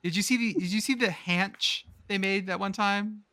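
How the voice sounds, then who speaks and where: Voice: mid-range voice, normal speed, bright, forceful tone, no echo, studio quality. A podcast host in casual banter, rambling and joking, swearing freely.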